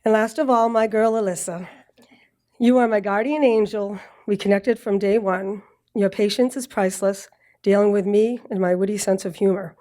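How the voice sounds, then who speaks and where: A woman's voice: medium pitch, steady tone, moderate pace. Nervous woman with a Boston accent. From Massachusetts. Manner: nervous, warm, joking asides, throat-clearing. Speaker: graduate speaker. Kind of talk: prepared speech read at a ceremony. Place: ceremony with live audience.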